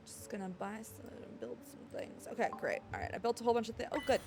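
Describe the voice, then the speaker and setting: A woman with a slightly high voice talks casually to her live-stream viewers while she plays a game. She sounds playful and excitable, throwing out jokes as she goes, with faint music in the background. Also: fast talker.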